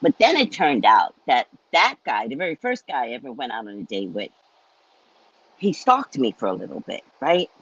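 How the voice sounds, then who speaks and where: Husky lady on her psychic livestream, rambling story, laughs a lot, really lively voice, dull lo-fi audio. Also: extremely low pitch, moderate pace, no room sound. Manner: animated, chatty, repeats herself, laughs often. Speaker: psychic reader hosting a live stream.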